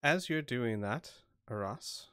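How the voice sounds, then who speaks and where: A man's voice: mid-range voice, lively intonation, takes it slowly, a bit bright, smooth, no room sound, studio quality. A man running an online tabletop game as game master, thinking aloud in a casual way while he works out rules and dice rolls.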